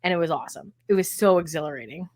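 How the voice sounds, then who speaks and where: A woman's voice: on the low side, animated, racing, darkish tone. Chatty woman podcast co-host. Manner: chatty, reflective storytelling. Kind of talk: casual chat.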